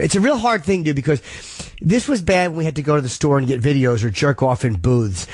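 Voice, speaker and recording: A man hosting a call-in radio show who gives blunt, frank, profane advice and keeps clearing his throat. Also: fairly high pitch, expressive, brisk, few pauses, a little mellow, no echo. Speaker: radio host.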